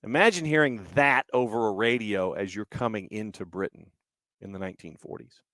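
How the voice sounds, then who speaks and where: Male podcast host, storytelling monologue, low-pitched, dry close sound. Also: fairly bright tone, no echo. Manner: unhurried, conversational, with restarts.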